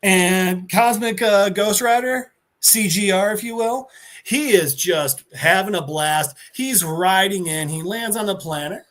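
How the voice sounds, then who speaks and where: A man on a podcast excitedly retelling a comic-book story, restarting his sentences as he goes. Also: high-pitched, measured pace. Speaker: podcast co-host.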